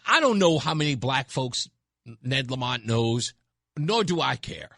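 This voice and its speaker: A man's voice: on the high side, pushed and bright, no echo. A man hosting a talk radio show, speaking bluntly and emphatically into a studio microphone, repeating his points for effect. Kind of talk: opinionated talk radio monologue.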